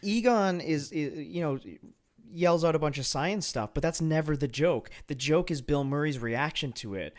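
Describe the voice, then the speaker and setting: A man co-hosting a film podcast, ranting in an animated, exasperated way with lots of stammered restarts. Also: a little high, normal speed. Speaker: podcast co-host. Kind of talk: casual film review chat.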